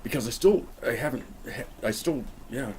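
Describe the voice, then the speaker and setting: This is a casual cigar-review vlog shot outside in the cold, with a man chatting and joking to the viewer as he rambles. His voice is medium-pitched and a little mellow, his speed normal, with slight background noise.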